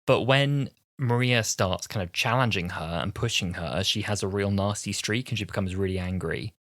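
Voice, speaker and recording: A man's voice: moderate pace, no room sound, clean studio sound. A man in his twenties co-hosting a podcast, chatting casually and acting out lines in put-on voices. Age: 20s. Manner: animated, acts out lines from the episode in high put-on voices. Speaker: podcast co-host. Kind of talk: casual chat.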